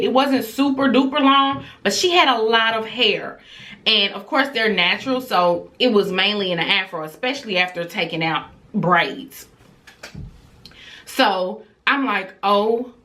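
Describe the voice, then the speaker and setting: Young woman, vlogger, casual storytelling, bright voice, animated, exasperated. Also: mid-range voice.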